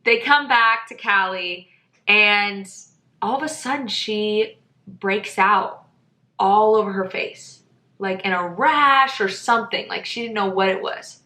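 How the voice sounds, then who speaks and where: Woman podcast host, animated and breezy storyteller, bright voice, roomy echo. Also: medium pitch, slow pace. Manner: animated, chatty, laughs often, says "whatever". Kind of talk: casual storytelling monologue.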